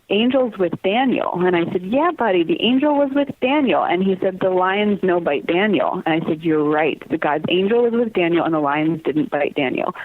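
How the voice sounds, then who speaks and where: An earnest woman sharing personal stories as a podcast guest, breaking into laughter often. Her voice comes through a narrow, tinny phone-line sound. There is almost no room echo. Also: fairly low pitch. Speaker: interview guest, theater company communications manager. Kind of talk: podcast interview, personal storytelling.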